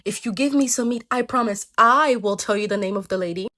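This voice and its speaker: A tricky little shrimp from a storybook, as a woman puts it on, haggling in a squeaky, pushy voice. The pitch runs high. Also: brisk, bright, forceful tone.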